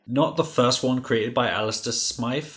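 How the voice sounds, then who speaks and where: A man's voice: mid-range voice, measured pace, a bit bright. A man co-hosting a podcast, recapping comics in rambling casual chat full of "like" fillers. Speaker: podcast co-host.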